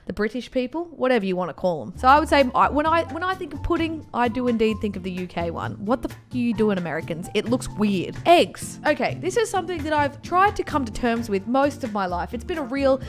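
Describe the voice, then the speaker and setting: Australian woman vlogger, bubbly and rambling, slightly high voice, over light music. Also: big pitch swings, fast talker, few pauses. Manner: chatty, exaggerated, rambling with many "like"s. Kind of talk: casual reaction commentary.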